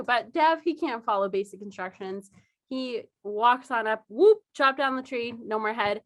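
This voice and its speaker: This is a young woman with a high voice, co-hosting a casual podcast chat. She tells her stories with lots of energy, slips into quoted voices and laughs often. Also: unhurried. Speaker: podcast co-host.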